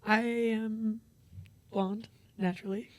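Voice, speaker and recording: A young adult woman chatting casually as a podcast guest, blunt and quick to swear. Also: on the high side, fairly even intonation, no room sound. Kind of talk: casual chat.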